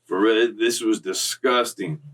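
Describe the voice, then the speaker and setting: A man's voice: fairly low pitch, steady tone, measured pace, fairly bright tone, recorded from a distance, low-quality recording. A young man casually telling a story in streetwise slang, profane, loose and rambling, recorded slightly off-mic.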